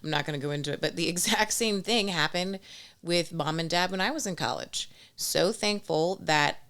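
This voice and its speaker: Low voiced woman cohost, smooth, easygoing chat. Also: normal speed. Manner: relaxed, agreeable, lots of mm-hmms. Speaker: podcast co-host. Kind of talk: casual chat.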